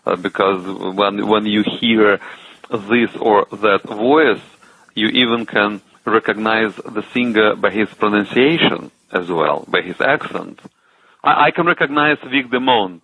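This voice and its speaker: A man from Russia with a Russian accent, a singer answering interview questions eagerly, with many pauses and uhs. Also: lowish voice, a bit bright, slightly rough, no room sound. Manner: enthusiastic, hesitant with many uhs. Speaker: singer and TV host, guest. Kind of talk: casual interview. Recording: tinny phone line.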